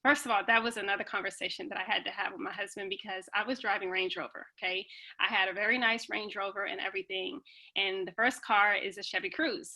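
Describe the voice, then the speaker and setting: A woman speaking as a guest in casual storytelling, animated and acting out the voices of people in her story. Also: mid-range voice, fast talker. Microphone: video call.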